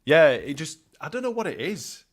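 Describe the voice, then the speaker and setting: A man's voice: on the high side, very animated, normal speed. A man co-hosting a casual football podcast, full of sweary, laughing banter. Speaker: podcast co-host.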